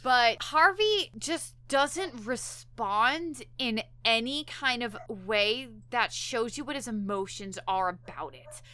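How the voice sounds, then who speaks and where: Speaking slowly on the high side, a woman chats casually on a podcast as she walks through an episode. She's animated and voices the characters' lines in quotes, barely pausing. The recording carries no room sound.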